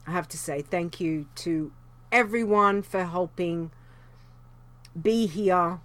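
A woman hosts a live stream and talks unhurriedly. She rambles through warm thank-yous to her community in an easygoing, chatty way. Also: lowish voice, slow pace. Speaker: show host. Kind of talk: casual stream sign-off.

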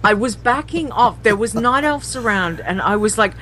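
A woman's voice: on the high side, animated, normal speed, a bit bright, slight background noise. A woman guest on a gaming podcast, telling stories in a giggly, rambling way over a remote call. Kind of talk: casual chat about gaming.

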